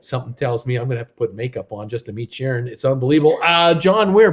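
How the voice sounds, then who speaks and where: A man's voice: medium pitch, fast talker, few pauses. A man hosting a casual live stream from home, reading viewer comments in an upbeat, rambling, jokey way. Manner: rambling, upbeat, jokey, talks to his wife off-mic. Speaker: host of a live cruise news stream. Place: home in Creston.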